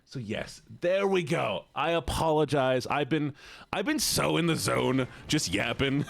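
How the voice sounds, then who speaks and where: A man live-streaming a game, chatting casually with his viewers, greeting them by name and reacting loudly to the game. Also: a little high, animated, unhurried, gravelly, dry recording. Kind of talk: casual live-stream chat while gaming.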